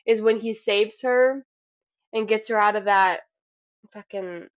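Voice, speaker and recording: A woman co-hosting a casual podcast, talking in an animated, swearing way and acting out her own reactions. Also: mid-range voice, unhurried. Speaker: podcast co-host. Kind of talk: casual chat. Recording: dull lo-fi sound.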